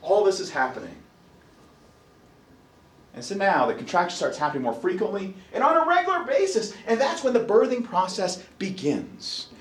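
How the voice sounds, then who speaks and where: A man's voice: high voice, normal speed, echoey room. A man lecturing a college class with jokes and questions thrown to the students. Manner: animated, jokey, asks the class questions.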